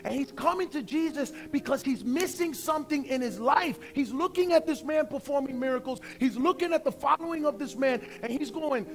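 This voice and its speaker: A man in his forties preaching a sermon as pastor, conversational and emphatic, slowing down to stress points. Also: extremely high pitch, faint music behind. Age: 40s.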